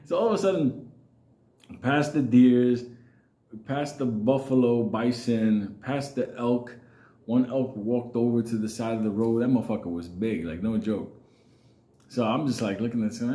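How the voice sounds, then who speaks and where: A man with a New York accent spins a casual, swearing-heavy comic story, chuckling between lines. His voice is mellow and dark, and it rings a little in an echoey room. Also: mid-range voice, normal speed. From New York City. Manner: profane, laughing, comic exaggeration.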